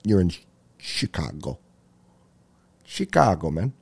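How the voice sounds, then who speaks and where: A man hosting his own comedy podcast, talking alone in a rambling, profane way, laughing at his own jokes and jumping into loud, high-pitched rants. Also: sing-song, slow pace, vocal fry, breathy edge. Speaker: stand-up comedian and podcast host. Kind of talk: solo comedy podcast monologue.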